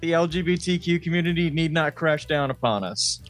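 A man's voice: a little high, fairly quick, a bit bright, soft background music. A man co-hosting a podcast, rambling through casual chat, swearing often and laughing a lot. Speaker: podcast co-host.

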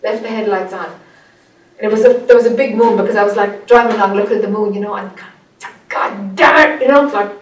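A woman with an Irish accent, teaching a group, speaking earnestly and growing animated as she tells a story. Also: mid-range voice, fast. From Ireland. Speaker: spiritual teacher. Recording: echoey room, voice from a distance.

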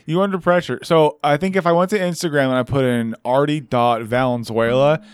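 A man's voice: on the high side, fairly quick, clean tone, dry recording, studio quality. A man hosting a podcast in casual banter, teasing and profane, with many filler "likes". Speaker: podcast host.

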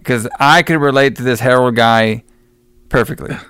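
A man in a relaxed podcast conversation, recapping scenes in a loose, rambling way and swearing freely. His voice is smooth and clear, sitting at an ordinary pitch for a man. The sound is dry and close, with no room around it. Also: moderate pace, no echo. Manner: rambling, profane, laughs often. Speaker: movie review podcast co-host. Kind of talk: casual podcast chat.

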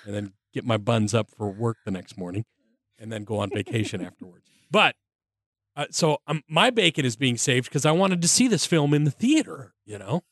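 A man's voice: mid-range voice, expressive, moderate pace, a bit bright, no echo. A man guesting on a podcast in casual chat, with a dry, teasing, sarcastic way of talking.

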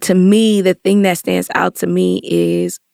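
A woman co-hosting a casual chat, chiming in with quick quips and laughing asides. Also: on the low side, little pitch movement, vocal fry, dark tone, no echo, studio quality. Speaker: podcast co-host.

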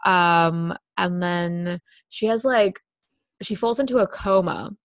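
A woman's voice: lowish voice, slow, dry recording. A young woman co-hosting a casual chat, bubbly and full of fillers. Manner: bubbly, laughs often, fillers.

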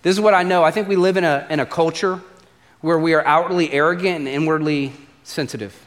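A man preaching a sermon as pastor, telling stories in an animated, conversational way and acting out the voices. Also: fairly high pitch, fast talker, in a large hall. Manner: animated storyteller, acts out voices, conversational asides.

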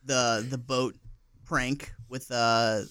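A man's voice: medium pitch, flat delivery, fairly bright tone, smooth, dry recording. Guy on a movie podcast, lots of likes and uhs, swears, dry mic. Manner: halting, filler-heavy, profane. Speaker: podcast co-host. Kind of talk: casual film discussion.

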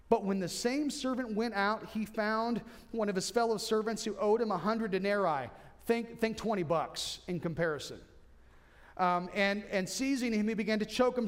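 A man preaching a sermon as pastor, emphatic, repeating key points and restarting phrases. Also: high-pitched.

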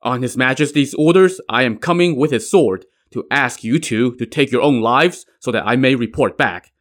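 A man's voice: medium pitch, moderate pace, a bit bright, close to an everyday voice. A man reading the lines of a loyal commander caught between duty and mercy, speaking formally. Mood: earnest. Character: loyal military commander, torn and steady.

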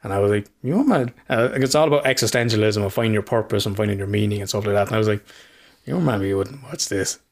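A man co-hosts a casual podcast, his voice sitting a little low. He rambles through his stories, swears freely and laughs often. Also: rapid-fire, few pauses. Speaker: podcast co-host. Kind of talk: casual chat.

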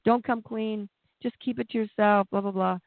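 A preacher voicing shame as a fretful, hushed, insistent inner voice. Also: mid-range voice, steady tone, moderate pace, gravelly, no room sound, natural voice. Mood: anxious. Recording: tinny phone-like dry sound.

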